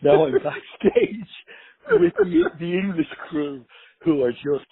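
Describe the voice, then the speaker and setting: A man's voice: on the high side, slow pace, creaky, slightly rough. A man, a guest musician, telling a story casually and animatedly, with cursing and acted-out dialogue. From Ireland. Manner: animated, profane, acts out dialogue. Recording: tinny phone-like line.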